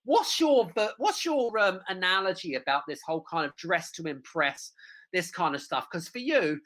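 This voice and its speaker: Bright-voiced enthusiastic male host. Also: a little high, normal speed, poor audio. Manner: enthusiastic, agreeable interviewer. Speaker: podcast host. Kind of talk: interview chat.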